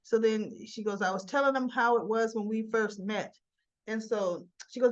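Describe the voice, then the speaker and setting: A woman casually recapping a soap opera episode for her channel, chatty and animated as she relays the characters' lines with fillers and asides. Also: on the high side, normal speed, muffled recording.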